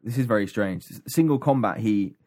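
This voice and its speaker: Podcast co-host, male, low-pitched, loose rambling recap delivery. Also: fairly quick, darkish tone. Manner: rambling, many ums and restarts. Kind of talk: casual chat recapping an audiobook.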